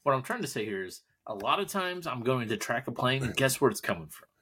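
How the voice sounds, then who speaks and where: A man's voice: medium pitch, big pitch swings, fast talker, a bit bright, breathy edge. A man co-hosting a podcast, rambling through stories in easygoing casual chat. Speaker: podcast co-host.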